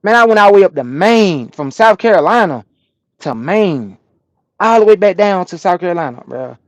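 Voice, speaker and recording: A Southern American man, a truck driver, chats with his livestream viewers from his cab on a rest break. His voice sits a touch high, with a dry, close sound. He tells his stories with animated energy and plenty of slang and swearing. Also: normal speed, no room sound. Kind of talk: casual livestream chat, reading comments.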